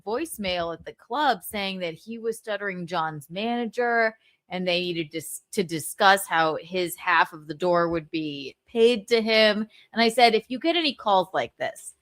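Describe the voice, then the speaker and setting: A woman's voice: medium pitch, animated, measured pace, a bit bright. A woman co-hosting a casual chat, telling a story in a matter-of-fact way.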